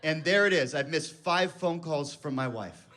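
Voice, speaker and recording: A man's voice: a little high, normal speed, a crowd in the background. A man in his thirties telling a rambling, self-mocking story as a stand-up comedian on a club stage. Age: 30s.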